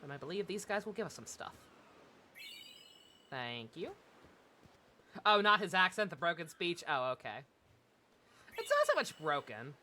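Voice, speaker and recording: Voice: medium pitch, wildly swooping pitch, normal speed, long pauses, sharp tone, slight background noise. A streamer giving casual, irreverent commentary over a game, joking and laughing often. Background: game audio and music.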